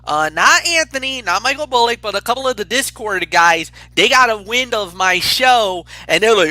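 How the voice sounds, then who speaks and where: A man co-hosting a casual football picks show, talking in an excitable, rambling way with frequent restarts. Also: high voice, moderate pace, hardly any pauses, dry recording. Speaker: co-host picking games. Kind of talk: casual sports picks chat.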